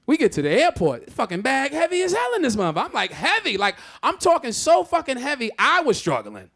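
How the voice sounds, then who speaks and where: A man doing a live stand-up comedy set on a theatre stage, telling stories in a loud, exclamatory, profane way. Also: extremely high pitch, wildly swooping pitch, brisk.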